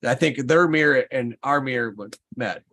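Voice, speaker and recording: A man's voice: medium pitch, normal speed. Man telling a rambling story. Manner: animated storyteller, rambling restarts. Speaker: livestream host. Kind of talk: casual chat.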